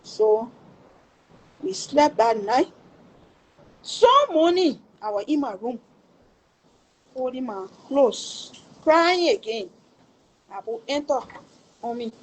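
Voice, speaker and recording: A woman with a Liberian English accent speaks in a high voice. She tells a painful family story on a livestream. She pleads with emphasis and swears before God that every word is true. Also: animated, slow, pauses often, a little mellow. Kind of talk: emotional personal testimony.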